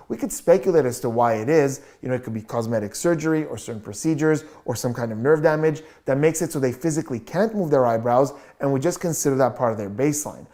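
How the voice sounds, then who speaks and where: A body language analyst giving a measured, explanatory video commentary as the regular host. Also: mid-range voice, a little mellow. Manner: explanatory, measured, repeats "just a little bit".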